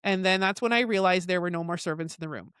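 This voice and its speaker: A woman hosting a book podcast, reading long passages aloud with slips and corrections and breaking into loud reactions. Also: fast, smooth, no room sound, studio quality. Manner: reads long quotes with stumbles and self-corrections; bursts into loud, high reactions while reading. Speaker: book club podcast host.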